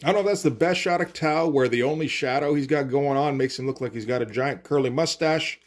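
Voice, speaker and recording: A man's voice: medium pitch, fairly quick. A man casually recapping and critiquing a comic issue in an offhand, rambling way with lots of fillers. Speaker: comics commentator. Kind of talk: casual comic read-through.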